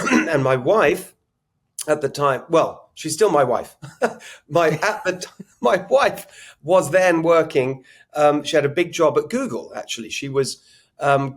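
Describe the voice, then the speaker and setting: A middle-aged man from England with an English accent, speaking as a guest in a conversational interview, reflective and chatty with frequent restarts. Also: medium pitch. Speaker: political guest.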